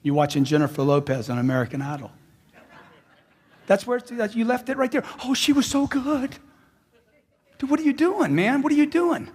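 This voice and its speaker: A middle-aged man, a sales trainer giving a live seminar talk to an audience, high-energy and emphatic, hammering home lines by repeating them. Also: sing-song, fairly quick, a little mellow. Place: large hall with a live audience. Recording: echoey hall reverb.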